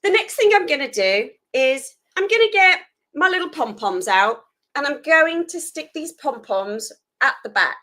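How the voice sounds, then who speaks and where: A woman's voice: high voice, very animated, moderate pace, bright, forceful tone, rough recording. A woman hosting a live food photography tutorial, chatty and self-deprecating while she works hands-on.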